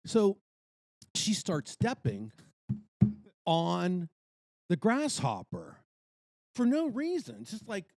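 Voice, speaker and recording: A middle-aged man telling a story in casual podcast chat, animated and exclaiming. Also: high voice, slow pace, pauses often, no echo. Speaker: podcast co-host.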